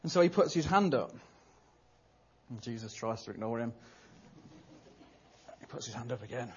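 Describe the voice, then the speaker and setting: A man's voice: mid-range voice, expressive, normal speed, slight background noise. A man preaching a sermon in a humorous, conversational storytelling manner. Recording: dull lo-fi recording.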